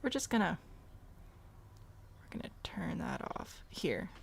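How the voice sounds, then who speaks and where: Woman rambling through a zoo sim let's play, bit of vocal fry, chats to her animals. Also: lowish voice, huge pitch swings, measured pace, whispered. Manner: chatty, thinks aloud, talks to the animals. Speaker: game streamer. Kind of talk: casual let's-play commentary.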